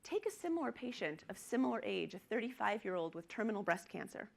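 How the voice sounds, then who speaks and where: A woman's voice: medium pitch, vocal fry, darkish tone. Earnest woman doctor giving a lecture. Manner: earnest, emphatic, acts out quoted patients. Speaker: physician lecturer. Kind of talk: conference presentation.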